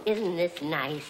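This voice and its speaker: Lively, fussing housewife mother in her forties, sing-song and doting, faint noise. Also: fairly low pitch, full character voice, poor audio. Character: doting, chatty middle-aged housewife mother. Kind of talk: film drama acting.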